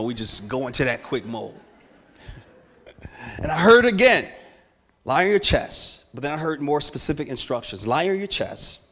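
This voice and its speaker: A man preaching a sermon as a guest speaker, telling his story with rising passion until he is declaring loudly. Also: medium pitch. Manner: impassioned, building to loud declarations. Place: church sanctuary. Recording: long hall reverb.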